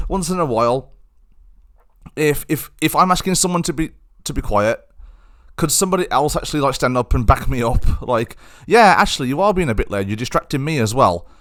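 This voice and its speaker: A young man talks alone on his podcast at a mid pitch. He rambles with frustration, circling back and restarting his sentences as he vents. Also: fairly bright tone. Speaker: podcast host. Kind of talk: solo podcast monologue.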